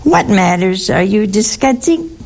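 A woman's voice: medium pitch, big pitch swings, a little slow, creaky, darkish tone. A woman with a Southern US accent teaching a Bible passage to a group in a folksy way, full of rhetorical questions. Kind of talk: teaching sermon on a Gospel passage.

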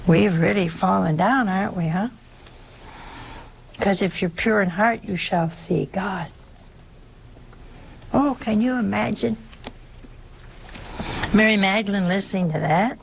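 A woman preaching an informal sermon in a conversational way, asking rhetorical questions and suddenly leaping up in pitch for emphasis. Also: slow pace, gravelly, pauses often, slight background noise.

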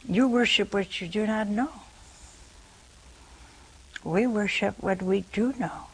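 A woman's voice: mid-range voice, slow, long pauses, slightly rough, poor audio. A woman preaching a sermon, telling the story with acted-out quotes, rhetorical questions and asides to her listeners.

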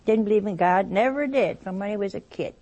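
A woman's voice: medium pitch, a little fast, mellow. A woman on a religious network earnestly warning her listeners and telling a story, sighing now and then. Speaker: religious TV talk speaker.

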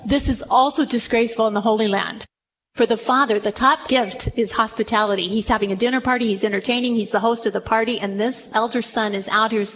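Woman preaching, high voice, really dramatic storytelling, faint hiss behind. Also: fairly even intonation, fairly quick, fairly bright tone, long reverb tail. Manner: dramatic, emphatic storytelling, swings low for asides. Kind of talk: sermon. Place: church or meeting room with a group.

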